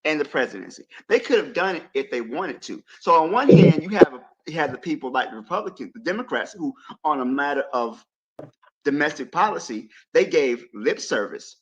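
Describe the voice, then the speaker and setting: Male guest, animated and insistent, voice swings widely. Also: a little high, a little fast, highs cut off. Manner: animated, argues with rising emphasis. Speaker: panel guest. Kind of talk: heated panel debate.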